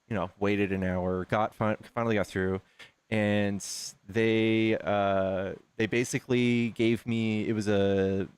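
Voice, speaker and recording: A man's voice: on the low side, clear, resonant tone. A man hosting a casual debate stream, talking loosely with many fillers and restarts. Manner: casual, hesitant, lots of fillers. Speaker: stream host.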